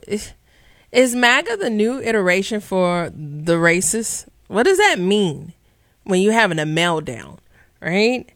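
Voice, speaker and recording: A woman's voice: fairly high pitch, a bit bright, no room sound, studio quality. A woman hosting a radio talk show, chatting conversationally and speaking directly to listeners. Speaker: radio host. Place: radio studio. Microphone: studio microphone.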